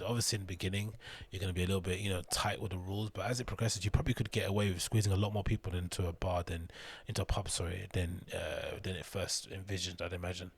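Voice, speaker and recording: A man's voice: low voice, breathy edge, no room sound. A young man hosting his own show, rambling casually about the news, swearing freely and joking as he goes. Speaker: podcast host.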